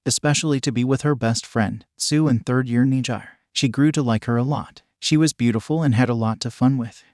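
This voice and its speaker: A man narrating a fan fiction story in a steady, even reading. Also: mid-range voice, no room sound, clean studio sound.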